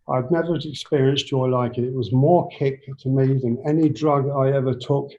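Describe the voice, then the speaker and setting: A man in his seventies with an English accent, a guest telling his life story in a rambling, halting way full of restarts. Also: medium pitch, fairly even intonation, dark tone, muffled recording. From England. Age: 70s. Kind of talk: personal storytelling in an interview.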